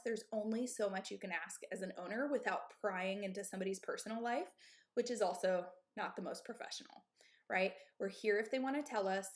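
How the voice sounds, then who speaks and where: Emphatic woman gym owner, candid. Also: medium pitch. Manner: candid, emphatic, asks "okay?" and "right?" often. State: out of breath. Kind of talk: live-stream advice talk.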